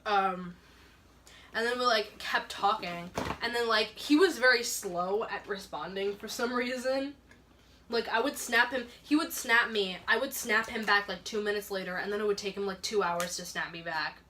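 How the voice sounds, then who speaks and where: A woman's voice: medium pitch, normal speed, sharp tone, a little hiss or hum. A young woman telling a personal story on a casual podcast, rambling, with lots of "like" and frequent laughter. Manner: rambling, heavy use of "like", laughs often. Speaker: podcast co-host.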